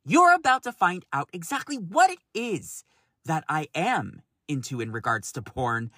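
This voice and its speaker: A man in his thirties hosts a solo podcast with wildly swinging pitch, swooping high and low on almost every phrase. He takes his time, drawing words out at an unhurried pace, with a dry, close sound and no room around him. His delivery is exasperated and profane, broken up by frequent laughs. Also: sing-song, bright, forceful tone, no room sound. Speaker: podcast host.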